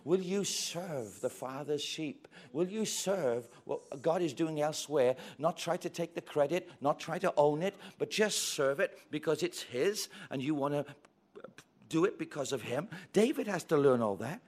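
Preaching at a moderate pace in a voice on the high side, a man brings a story to life with great animation. He performs each character's voice, with big shifts between quiet and loud.

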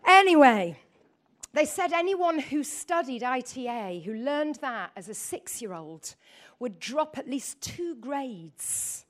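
A middle-aged woman from the north of England delivers a lively sermon, her voice sitting high and bright. She talks straight to the congregation, throws out questions and drifts into chatty personal asides. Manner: animated, asks the audience questions, chatty asides. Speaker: preacher.

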